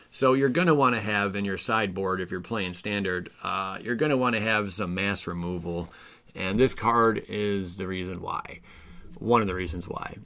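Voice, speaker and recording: A man hosting a card game channel, excitedly reviewing new card spoilers in a casual way, reading card text aloud and tripping over his words. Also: fairly low pitch.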